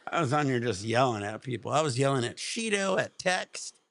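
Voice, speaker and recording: A man's voice: medium pitch, very animated, normal speed, a bit bright. A man hosting a casual livestream, chatting with viewers, laughing a lot and breaking into profane rants. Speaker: livestream host.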